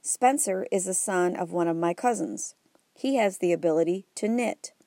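A cheerful superhero father, as a woman narrator puts him on, talking in a hearty, matter-of-fact way. The voice sits low and warm, close and dry, in a storybook reading. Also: normal speed, dry recording, natural voice. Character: cheerful health-minded superhero dad.

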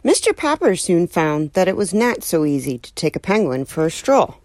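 Brief: woman storyteller, very lively intonation, dry close sound, expressive audiobook narration. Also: on the low side, moderate pace, no echo. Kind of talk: audiobook reading of a children's novel.

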